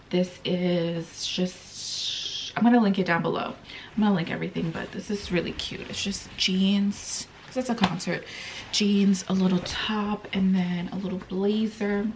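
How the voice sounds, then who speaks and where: A young woman talks casually to her vlog audience at a medium pitch. She rambles, filling her talk with "like" and "um". A faint hiss of background noise sits under her voice. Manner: chatty, rambling, heavy on fillers. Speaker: vlogger.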